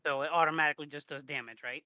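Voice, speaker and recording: A man's voice: a little high, fairly even intonation, racing, sharp tone, smooth, poor audio. A man playing a tabletop game, often checking the rules with questions. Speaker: player.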